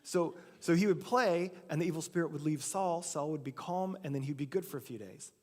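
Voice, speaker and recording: Storytelling preacher in a reverberant church. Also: male voice, on the high side, brisk, darkish tone. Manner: casual storytelling with acted-out quotes. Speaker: pastor. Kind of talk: sermon. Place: church sanctuary. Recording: long church hall reverb.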